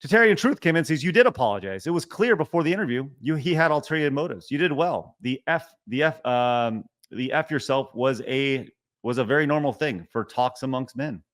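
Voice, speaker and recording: Reading super chats on a casual livestream, this man protests in mock refusal as he reads donations and chat messages aloud, yet thanks every donor. His medium-pitched, fairly bright voice is brisk with lively intonation.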